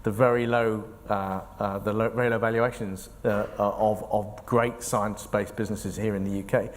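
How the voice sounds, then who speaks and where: A man's voice: on the low side, flat delivery, moderate pace. A man, an investment fund manager, giving earnest, explanatory answers in an onstage interview and thinking aloud as he speaks. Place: large conference hall. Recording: echoey hall reverb.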